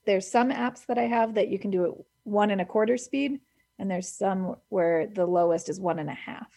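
A radio host with a mellow, creaky, mid-pitched voice chats casually and enthusiastically about books at a moderate pace. She laughs easily as she talks.

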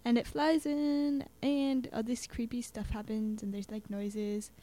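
Chatty student guest, woman, slightly high, rambling and animated with fillers. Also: a little slow. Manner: chatty, lots of fillers, acts out quotes. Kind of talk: casual chat about poetry.

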